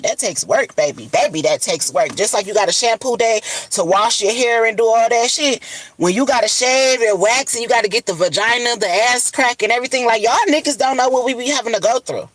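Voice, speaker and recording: A woman's voice: mid-range voice, a little fast, dry recording, low-quality recording. A woman on a casual livestream, talking bluntly and profanely about love and self-care, worn out after a long cry. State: puffy-eyed after crying. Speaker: livestream host. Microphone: phone camera.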